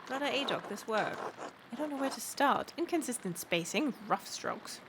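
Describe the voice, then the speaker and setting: Brief: scolding monastery prior, a woman reading the part, fairly high, noisy background. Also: expressive, normal speed, natural voice. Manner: scolding, stern. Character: stern older male prior, scolding.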